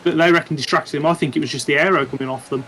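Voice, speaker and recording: Measured man with a higher voice. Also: fairly even intonation, crowd noise, poor audio. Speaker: podcast co-host. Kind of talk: casual chat.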